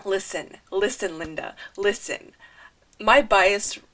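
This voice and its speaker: A young woman talking over her drawing video, gushing and rambling excitedly with sighs and lots of "like". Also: mid-range voice, takes it slowly. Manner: rambling and breathless, often saying "like". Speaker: artist narrating a drawing video. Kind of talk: casual chat voice-over.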